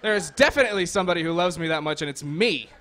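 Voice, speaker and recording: A young man works a comedy club crowd with a sardonic, crude stand-up set. His voice sits slightly high, and he rambles through "like" and "you know" between punchlines. The delivery is casual and mocking. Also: animated, racing, background noise.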